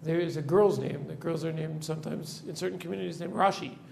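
A man's voice: on the high side, quick pace, creaky, darkish tone, a little hiss or hum. A man, a rabbi, teaching a classroom of students, explaining step by step, quizzing the class and checking in with "right?" after nearly every point. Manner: asks the class questions. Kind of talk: classroom lecture.

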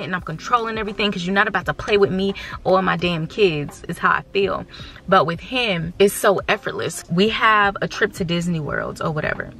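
Gravelly, candid woman vlogger in her thirties. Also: lowish voice, sharp tone. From United States. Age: 30s. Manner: candid and emotional, talking straight to viewers. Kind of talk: casual vlog chat.

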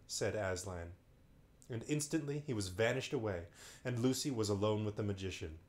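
A man's voice: fairly low pitch, normal speed, darkish tone. A man reading a bedtime story aloud on a livestream, breaking in with playful, wry asides. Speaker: storyteller host.

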